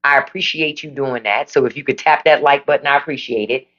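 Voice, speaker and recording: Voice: medium pitch, fairly quick, muffled recording. A livestream host in casual chat with viewers, reading comments and giving blunt, profane political opinions. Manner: animated, emphatic. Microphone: phone livestream.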